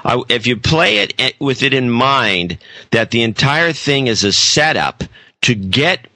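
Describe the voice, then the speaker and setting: A man's voice: medium pitch, big pitch swings, unhurried, sharp tone, dry recording. A man co-hosting a casual podcast, blunt and insistent. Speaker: podcast co-host. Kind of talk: casual chat.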